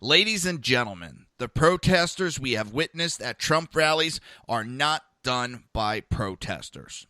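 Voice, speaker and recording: Blunt, bright-voiced male podcast host. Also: mid-range voice, a little slow, few pauses, no echo, studio quality. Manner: blunt, crude, excitable. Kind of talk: casual commentary podcast. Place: home room by a window. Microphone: camera mic.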